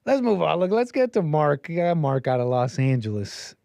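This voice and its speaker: A man's voice: fairly high pitch, sing-song, moderate pace, gravelly, warm tone, no echo. A man hosting a call-in show, riffing in a mocking, rambling way and putting on silly voices to quote people. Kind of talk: casual on-air commentary.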